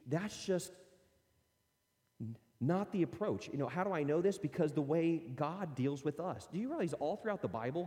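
A man's voice: on the high side, warm tone. A middle-aged man giving an earnest, conversational teaching talk to parents. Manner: earnest, conversational, acts out parent and child quotes. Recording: long reverb.

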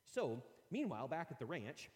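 Man, pastor, sermon, animated joking storyteller, lively pitch, long church reverb. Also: normal speed. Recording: long reverb of a large hall.

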